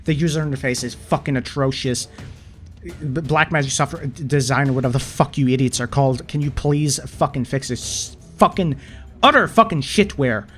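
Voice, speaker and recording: A man's voice: mid-range voice, steady tone, brisk, faint music behind. A man ranting with exasperation and heavy swearing while recording his screen, often stammering into restarts, his throat sore. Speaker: channel host.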